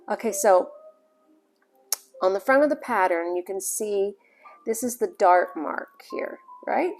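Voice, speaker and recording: Creaky and somewhat dark in tone, this mid-range woman's voice carries a Southern US accent. She is a sewing hobbyist talking folksily through a tutorial one step at a time.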